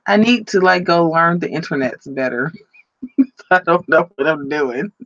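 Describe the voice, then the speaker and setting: A woman's voice: low voice, a little slow, fairly bright tone, no echo, muffled recording. A woman chatting on a live stream in a rambling, flustered way, often laughing at herself. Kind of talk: casual live-stream chat. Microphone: computer microphone.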